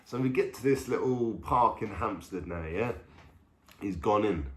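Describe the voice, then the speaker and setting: A man's voice: lowish voice, a little slow, fairly bright tone, slight background noise. A young man with a London accent, telling a story casually to camera in slangy talk, swearing and checking in with "yeah?". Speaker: vlogger.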